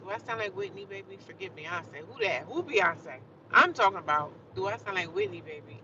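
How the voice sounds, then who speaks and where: A woman's voice: medium pitch, lively intonation, fairly quick, sharp tone, muffled recording. Woman, casual livestream talk, motivational, distant mic, traffic noise behind. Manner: encouraging, preachy, playful, talks to her viewers. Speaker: livestreamer sharing her life.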